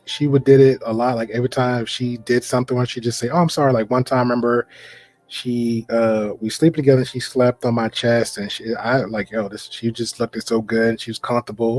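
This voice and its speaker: A man in casual podcast conversation, talking in a relaxed slangy way with lots of restarts and fillers. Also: mid-range voice, brisk, soft background music.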